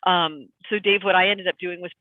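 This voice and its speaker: A man co-hosting a podcast, telling stories in an animated, rambling casual chat. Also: high-pitched, brisk, no room sound. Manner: animated storyteller, rambling with restarts. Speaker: podcast co-host. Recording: tinny phone-like line.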